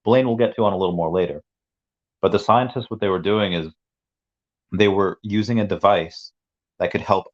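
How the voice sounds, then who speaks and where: Very deep-voiced guy streaming, rambles and restarts a lot, kinda dull lo-fi audio. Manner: rambling, with restarts and asides to chat. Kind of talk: casual livestream storytelling. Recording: dull lo-fi sound.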